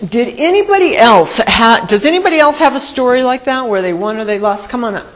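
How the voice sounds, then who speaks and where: Lively woman telling a recovery story. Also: a little high, fairly quick, a little hiss or hum, rough recording. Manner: lively storytelling, acting out quotes. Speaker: meeting speaker. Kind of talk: personal recovery testimony.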